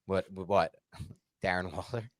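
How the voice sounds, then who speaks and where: A stressed man co-hosting a sports podcast, ranting heatedly and swinging between loud outbursts and muttered calm. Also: low-pitched, slow pace, no echo. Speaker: podcast co-host. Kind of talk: casual sports podcast rant.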